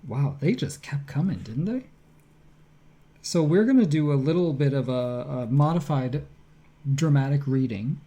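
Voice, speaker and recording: A man co-hosting a casual podcast chat, talking in an animated way and reading tweets aloud in his own voice. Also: mid-range voice, measured pace. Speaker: podcast co-host.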